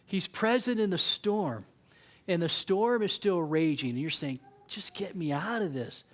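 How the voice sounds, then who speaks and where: Man preaching in a high voice. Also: animated, unhurried. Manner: conversational preaching, acts out quoted voices. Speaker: youth pastor. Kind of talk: sermon.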